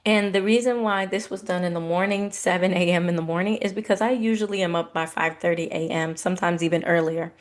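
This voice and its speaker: A woman in her thirties, a podcast host, casually telling a personal faith story in a conversational, animated way. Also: medium pitch. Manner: conversational, animated retelling with laughs.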